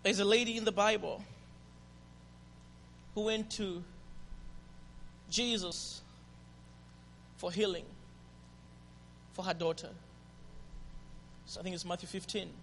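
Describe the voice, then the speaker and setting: High-voiced passionate preacher in a hall. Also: male voice, fairly even intonation, slow pace, gravelly, pauses often, a little hiss or hum. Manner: passionate, swings from hushed to shouting. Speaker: pastor. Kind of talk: sermon. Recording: reverberant hall.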